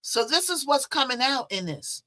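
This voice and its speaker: A woman's voice: high-pitched, big pitch swings, moderate pace, sharp tone. A woman host chatting through a news case in a casual, conversational way, full of rhetorical asides.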